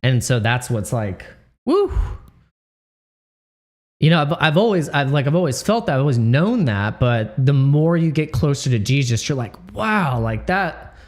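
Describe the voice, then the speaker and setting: A man hosting a livestream who talks in a halting, emotional way, full of restarts and fillers, choked up and close to tears. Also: mid-range voice, sing-song. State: tearful, choked up. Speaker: crypto livestream host. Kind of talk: casual livestream chat.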